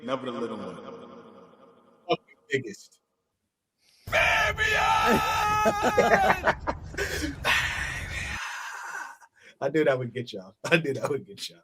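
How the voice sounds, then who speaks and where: A man's voice: medium pitch, a little fast, fairly bright tone, a little hiss or hum. A man co-hosting a casual sports podcast, easygoing and agreeable, laughing often. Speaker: podcast co-host.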